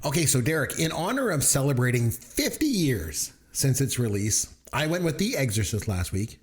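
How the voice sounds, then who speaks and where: A man's voice: mid-range voice, big pitch swings, normal speed. A Canadian man with a Canadian accent, co-hosting a podcast in casual chat, joking and laughing often. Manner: jokey, laughs often, tells dad jokes. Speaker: podcast co-host.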